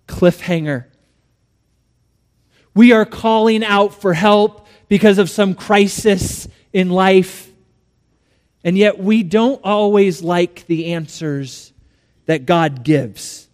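A male pastor delivering a sermon in a church, telling a story with dramatic swings between soft and loud. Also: high-pitched, takes it slowly, big-room sound.

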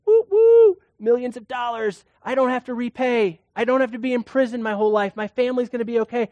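A servant freed from a huge debt gushes with excitement in a raised voice, as a preacher plays him in a sermon. The sound is dry and close, with nothing behind it. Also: mid-range voice, a little fast, no echo, lo-fi sound, pitched above the performer's own voice, close to an everyday voice. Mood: elated. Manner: excited and gushing.

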